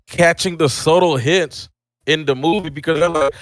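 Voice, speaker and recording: A man co-hosting a casual movie review podcast, talking in an excitable, animated way. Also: fairly high pitch, normal speed, no echo, studio quality. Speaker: podcast co-host.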